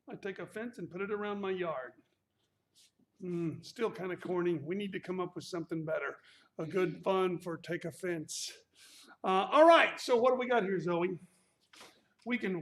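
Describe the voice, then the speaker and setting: High-pitched and fairly bright, this man speaks at a moderate pace as a martial arts instructor running a live workout class. The echoey studio carries his voice as he counts reps out loud and tosses out corny, playful puns.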